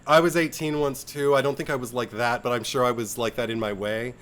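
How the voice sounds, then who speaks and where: A man's voice: mid-range voice, steady tone, brisk, fairly bright tone. A man on a podcast, chatting casually and acting out film lines in exaggerated voices. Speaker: podcast co-host. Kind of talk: casual chat.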